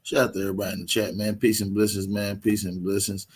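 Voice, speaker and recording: A man's voice: fairly low pitch, flat delivery, quick pace, loud music behind the voice. A man casually talking to livestream viewers and repeatedly urging them to hit the like button. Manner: laid-back, repetitive hype to viewers. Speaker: livestream host.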